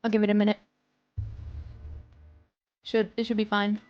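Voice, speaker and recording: A woman's voice: medium pitch, monotone, moderate pace, muffled recording, faint music behind. A woman streamer chatting casually and playfully to her live chat.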